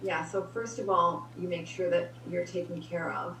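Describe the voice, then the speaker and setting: A woman's voice: fairly low pitch, little pitch movement, moderate pace, a bit bright. A woman giving upbeat, practical relationship advice in a casual chat, laughing often. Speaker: guest relationship advisor. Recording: roomy, distant mic with faint hum.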